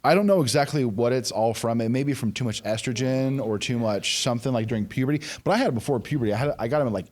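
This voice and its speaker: A man's voice: mid-range voice, fast, few pauses, a little mellow. A man in his forties speaks as a podcast guest in easy, conversational chat. His voice sits in a middle register, and he tells candid, self-deprecating stories full of restarts and asides. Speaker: podcast guest, former pro wrestler.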